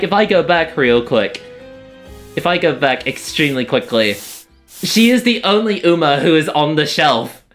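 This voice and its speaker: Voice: medium pitch, a bit bright. A streamer casually chatting with viewers while playing a game, rambling and often breaking off mid-sentence. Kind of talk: casual live-stream chat.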